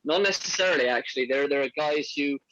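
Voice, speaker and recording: A young man in casual conversation, candid and quick to laugh. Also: fairly high pitch, pushed and bright, no room sound, dull audio. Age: young adult. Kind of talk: casual chat.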